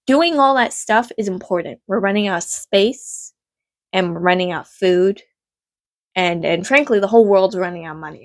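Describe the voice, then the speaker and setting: A woman ranting on her vlog from home, rambling and swearing, swinging from low mutters to loud, exasperated outbursts. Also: expressive, moderate pace, no room sound. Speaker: vlogger.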